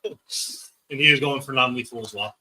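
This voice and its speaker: A man's voice: medium pitch, moderate pace, pushed and bright, rough recording. A man running a tabletop game as game master, blunt and given to swearing.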